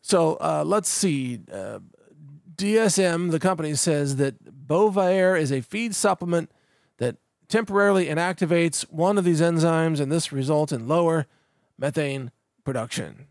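A man's voice: on the high side, unhurried, gravelly, a little mellow, no echo, clean studio sound. A middle-aged man hosting a podcast, talking through the news in a casual, sardonic monologue with frequent restarts. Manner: sardonic, laughs at the news, repeats words when restarting. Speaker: podcast host.

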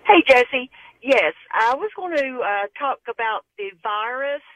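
A woman from Tennessee with a Tennessee accent, calling in to a radio show, slow and earnest. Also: fairly high pitch, expressive, a bit bright. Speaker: caller. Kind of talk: phone call to radio show. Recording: tinny phone line.

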